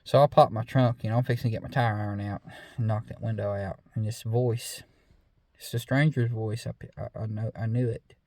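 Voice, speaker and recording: A man's voice: lowish voice, steady tone, brisk, darkish tone, no room sound. Easygoing drawling man. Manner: easygoing, drawling, lots of fillers and 'I said'. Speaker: storyteller. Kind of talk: casual spoken storytelling.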